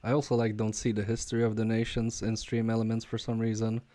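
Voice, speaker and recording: Low-ish dark-toned guy chatting slow on a repair stream, lots of ums and restarts. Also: monotone. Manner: halting, many fillers and restarts, chuckling asides. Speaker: repair livestreamer. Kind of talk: casual live-stream chat.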